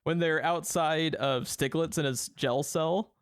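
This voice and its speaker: A man's voice: on the high side, unhurried, clear, resonant tone, no echo, clean studio sound. A man co-hosting a film review podcast, rambling in casual chat, laughing often and swearing freely. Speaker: podcast co-host.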